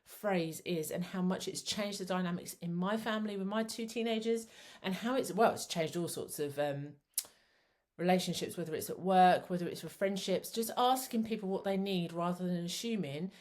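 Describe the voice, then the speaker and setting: A woman's voice: lowish voice, normal speed, darkish tone. A middle-aged woman, a psychotherapist giving a chatty, rambling talk that teaches parents. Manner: chatty, rambling, self-described waffler.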